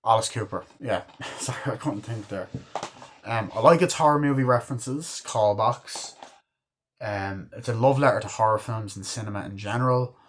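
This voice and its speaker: A man's voice: lowish voice, normal speed. Rambling, profane young-sounding man reviewing films. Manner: rambling, profane, lots of fillers like "you know" and "like"; enthusiastic fan. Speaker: movie reviewer. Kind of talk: casual spoken film review.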